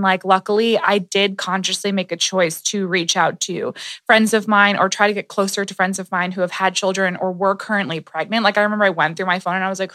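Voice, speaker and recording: A woman's voice: mid-range voice, bright, forceful tone, no room sound, studio quality. A pregnant woman in her thirties chatting casually as a podcast guest, full of fillers and acting out her own thoughts. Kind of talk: casual chat.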